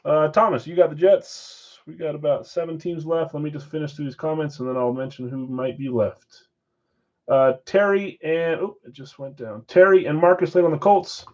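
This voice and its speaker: A man hosting a live-stream card break, briskly calling out names and assignments with chatty asides in between. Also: on the high side, fairly even intonation, a little mellow, lo-fi sound. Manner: brisk name-and-team roll call with chatty asides. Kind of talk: casual live-stream roll call.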